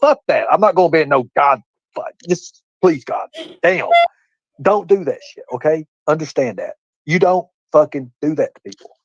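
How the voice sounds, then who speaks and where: A man ranting angrily and swearing at someone, repeating himself and lecturing. His voice sits a little high for a man and sounds dry and close, with no room around it. The audio is dull and lo-fi, as if from a streamed clip. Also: expressive, normal speed, no echo. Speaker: livestream speaker in a played clip. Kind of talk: angry profane rant.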